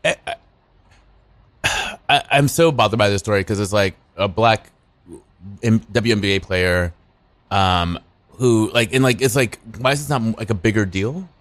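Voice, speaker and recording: A man co-hosting a radio talk show, rambling in an animated way and swearing for emphasis. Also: on the low side, moderate pace, pauses often, no room sound. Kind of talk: casual chat.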